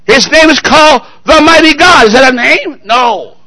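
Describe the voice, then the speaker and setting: A married man preaching a sermon, firing call-and-response questions at the congregation and swinging between loud exclamations and quiet asides. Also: very high voice, animated, moderate pace, few pauses, dry recording, poor audio. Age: adult, married.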